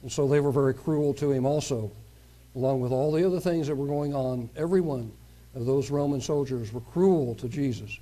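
A man's voice: mid-range voice, fairly quick, warm tone. A male preacher giving a sermon, reading a scripture passage aloud and stopping to comment on it in his own words.

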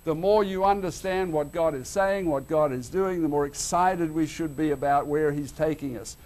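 An Australian man delivers a sermon in a fairly high voice. He speaks animatedly, drops low and quiet, then bursts out loud and emphatic. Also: normal speed. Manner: animated, swings between loud and hushed. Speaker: preacher.

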